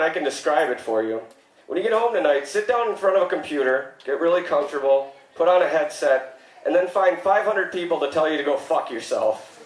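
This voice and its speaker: Man, 30s, stand-up comedian, deadpan jokes, mock-shocked outbursts, slightly high voice, echoey club.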